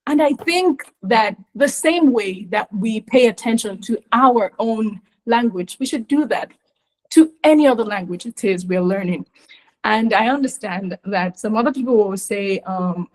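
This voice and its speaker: A woman from Nigeria, giving an emphatic, animated webinar talk on pronunciation. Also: medium pitch, a little slow, rough recording. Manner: emphatic, animated, often acts out mispronunciations.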